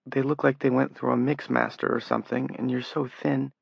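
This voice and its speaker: A man's voice: fairly low pitch, level tone, moderate pace, vocal fry, husky, no echo, heavily acted. A man voicing a tearful, anxious young woman, his voice rising as she pleads. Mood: tearful, pleading. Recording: dull lo-fi audiobook recording.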